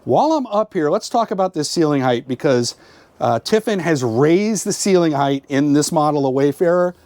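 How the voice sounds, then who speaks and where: A man's voice: a little high, a little mellow, no room sound. A man casually giving a chatty, upbeat walkthrough of a motorhome at an RV show, pointing out features with frequent fillers. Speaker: RV travel vlogger giving a tour.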